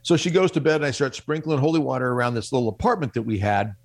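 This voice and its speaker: A man's voice: mid-range voice, fast talker. Man telling a self-mocking story. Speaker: guest speaker on spiritual life. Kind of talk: storytelling testimony on radio.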